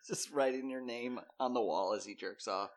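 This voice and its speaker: A man co-hosting a podcast in casual chat, reacting with quick jokes. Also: mid-range voice. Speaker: podcast co-host.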